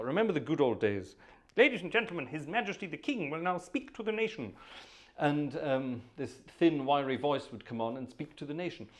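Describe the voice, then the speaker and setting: A man's voice: mid-range voice, a little mellow. A man hosting a live organ concert stream from home, chatting casually and jokily between pieces with plenty of ums. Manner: chatty, joking, rambling with many ums. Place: home with organ, family nearby.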